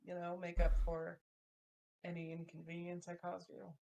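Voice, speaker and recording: A woman voicing a shy, awkward young man who speaks haltingly. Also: on the low side, monotone, gravelly, dark tone. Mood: bashful. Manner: bashful, halting.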